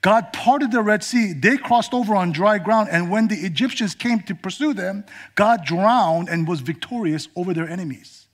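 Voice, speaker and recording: A male preacher with a high voice delivers a sermon dramatically. He swings between emphatic declarations and near-whispers. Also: normal speed, few pauses.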